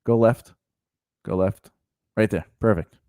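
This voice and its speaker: A man's voice: fairly low pitch, a little slow, darkish tone, no echo, studio quality. A man co-hosting a home podcast, chatting casually in a rambling way and breaking off to talk to his dog. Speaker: podcast co-host. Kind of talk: casual chat.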